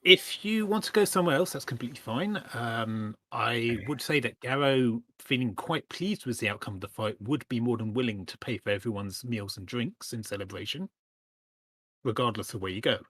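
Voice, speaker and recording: A man's voice: mid-range voice, moderate pace, fairly bright tone, breathy edge, no room sound. A man standing in as game master, narrating a tabletop game with many ums and apologies.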